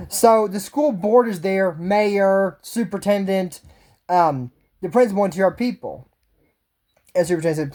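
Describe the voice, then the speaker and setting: A woman's voice: medium pitch, darkish tone. A woman telling a long joke as a story, rambling loosely and slipping into short voices for the people in the tale. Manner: loose storytelling with quick voiced asides for each person in the tale.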